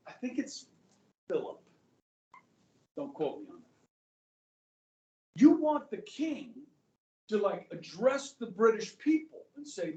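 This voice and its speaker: A man teaching a history class, talking in a chatty, animated way and checking in with the students again and again. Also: high voice, slow, long pauses. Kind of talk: classroom lecture. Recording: echoey classroom, mic far off.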